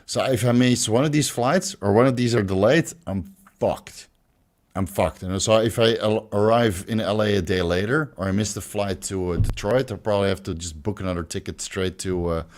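A man with a Dutch accent chatting loosely on a livestream, swearing freely and reading out viewer comments. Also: sits low. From Netherlands. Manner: loose and profane, many fillers and restarts. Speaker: livestream host.

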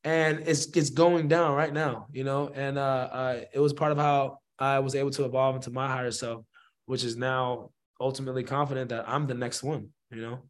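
A man, a musician guest, telling a story in a slangy, rambling and animated way. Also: mid-range voice, normal speed. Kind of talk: casual storytelling.

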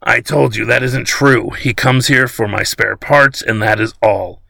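A man's voice: mid-range voice, steady tone, a little slow, vocal fry, pushed and bright, no room sound, full character voice. A man voicing an elderly man who insists and pleads, breathless and shaken. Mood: insistent. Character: elderly man, frightened but stubborn.

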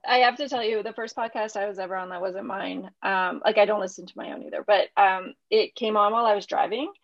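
A woman's voice: mid-range voice, steady tone, fast talker, muffled recording. A woman hosting a podcast, chatting casually and laughing often with her guest. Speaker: podcast host.

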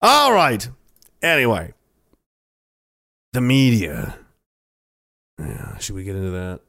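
Animated sarcastic man on a headset. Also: on the low side, slow, gravelly, dry recording, clean studio sound. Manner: sarcastic and profane. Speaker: commentary show host. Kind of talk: casual profane commentary.

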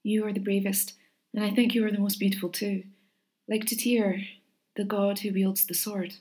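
A woman's voice: medium pitch, level tone, moderate pace, a little mellow, natural voice. Storybook Valkyrie, proud and grave, declaiming solemnly; a woman puts her on. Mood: tender. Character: proud, stern young woman, a waking Valkyrie.

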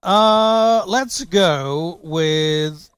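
A man's voice: high-pitched, clean tone, no room sound. A man co-hosting a podcast, reacting to his partner's story with laughter and curses. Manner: giggly, swearing, quick reactions. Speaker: podcast co-host. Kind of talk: casual podcast chat.

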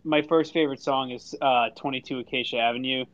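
A man's voice: mid-range voice, fairly even intonation, brisk, muffled recording, over a noisy crowd. A man co-hosting a casual podcast, rambling through stories and opinions with restarts. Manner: rambling, laughs while telling stories. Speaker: podcast co-host. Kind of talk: casual chat and storytelling.

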